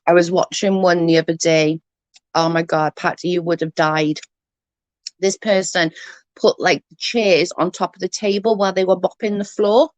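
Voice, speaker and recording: Chatty woman, low voice. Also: steady tone, normal speed, darkish tone, dry recording. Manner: rambling, chatty, swears casually, laughs often. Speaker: livestream host. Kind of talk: casual livestream chat reading comments.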